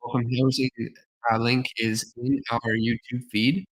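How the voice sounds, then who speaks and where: A man's voice: mid-range voice, flat delivery, measured pace, poor audio. A man hosting a design livestream, thinking aloud with many fillers, tired and slightly losing his voice. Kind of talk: casual livestream commentary.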